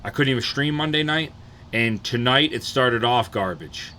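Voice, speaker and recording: A man's voice: medium pitch, lively intonation, moderate pace, pushed and bright, a little hiss or hum. A man from the Detroit area, ranting casually and profanely on a livestream and often asking "you know what I'm saying".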